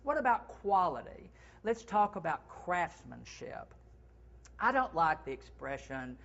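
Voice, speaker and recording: A man who is a retail consultant, hosting a segment with sales tips in a playful, animated way. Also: on the high side, unhurried, vocal fry, lo-fi sound. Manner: playful, animated, acts out sample phrases. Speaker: segment host.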